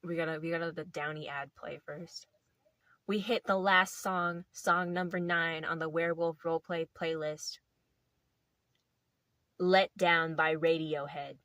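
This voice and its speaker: A woman's voice: fairly low pitch, fairly even intonation, normal speed, pushed and bright, no room sound. A young woman casually telling a playful story to camera, rambling with lots of filler words. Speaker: video host.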